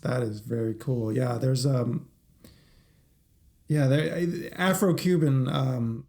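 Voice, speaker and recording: A man on a podcast panel who starts a story hesitantly, with many pauses and fillers. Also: medium pitch, creaky, mellow. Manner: hesitant, many uhs and ums. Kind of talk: casual storytelling.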